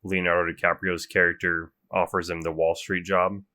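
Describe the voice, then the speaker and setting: A man's voice: low voice, little pitch movement, normal speed, sharp tone. A young man co-hosting a podcast in casual chat, talkative, often trailing off and restarting his sentences. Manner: chatty, trails off and restarts, self-described gamer. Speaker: podcast co-host.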